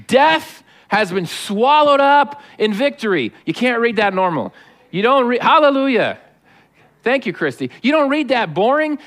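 A man in middle age with a notably high, light voice delivers a sermon. He is animated and jokey, addressing his congregation directly as a pastor. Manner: animated, joking, preaching to a live congregation.

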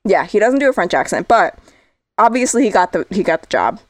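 Her pitch sits in the middle but swings widely, and she talks a little fast with no room sound around her. A talkative podcast co-host whose voice is going, she laughs often and keeps drifting into tangents during the casual chat.

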